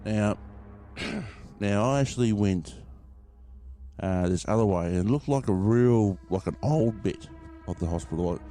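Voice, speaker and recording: A man's voice: lowish voice, expressive, a little slow, dark tone, faint music behind. A man hosting a podcast, rambling casually through a story and swearing freely as he talks to his listeners. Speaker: podcast host.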